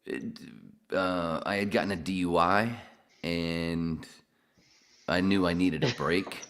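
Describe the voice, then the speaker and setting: A man's voice: deep voice, steady tone, takes it slowly, a bit bright. A man who is a guest on a podcast, telling stories in casual chat in a laid-back, rambling way.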